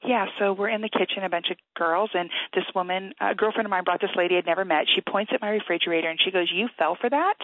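Animated woman telling a story over the phone. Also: medium pitch, fast talker, few pauses, no room sound. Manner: lively, animated storyteller who acts out the voices; quiet, earnest prayer. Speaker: guest author. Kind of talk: storytelling on a call-in radio show. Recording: tinny phone-line sound.

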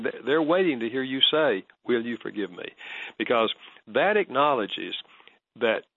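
A man, a counselor, calmly explaining advice in an interview and telling stories with quoted dialogue. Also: medium pitch, no room sound, narrow, tinny audio. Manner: calm, measured, storytelling with quoted dialogue. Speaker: marriage counselor and author as guest.

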